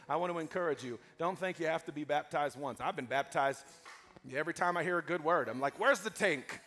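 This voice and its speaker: Man preaching in church, emphatic, asks for amens, faint music underneath, fairly high pitch. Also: fairly bright tone. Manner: emphatic, calls for amens from the congregation. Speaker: pastor. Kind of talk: live sermon with announcements. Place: church service before a congregation.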